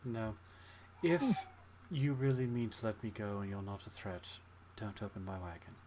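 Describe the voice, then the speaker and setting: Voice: mid-range voice, moderate pace, mellow, slight background noise, close to an everyday voice. A game master voicing a wary, tied-up woman wanderer, in a dry, sarcastic, slightly indignant manner, in a tabletop role-play.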